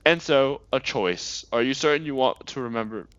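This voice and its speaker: A man reading aloud the lines of a remorseful ancient alien prisoner, hushed and earnest. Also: mid-range voice, animated, moderate pace, clear, resonant tone, no room sound, highs cut off, lightly acted. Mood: solemn. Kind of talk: reading game dialogue aloud.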